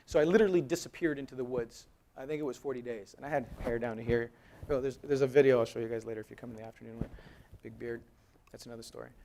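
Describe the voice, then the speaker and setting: A man in his thirties gives a live presentation in a conference hall, conversational and joking with the audience while telling stories and acting out quoted dialogue. He talks fast with hardly any pauses in a creaky, medium-pitched voice, over a little hiss or hum.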